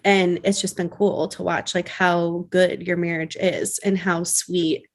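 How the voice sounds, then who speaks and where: A woman's voice: on the low side, level tone, measured pace. A woman in her thirties co-hosting a podcast, chatty and earnest, often restarting her sentences in casual conversation. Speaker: podcast co-host. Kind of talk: casual chat.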